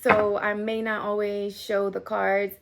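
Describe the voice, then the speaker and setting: A woman's voice: medium pitch, little pitch movement, unhurried, vocal fry, background noise. A woman in her thirties giving a casual tarot reading to camera, chatty, full of fillers, and swearing now and then. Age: 30s. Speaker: tarot reader.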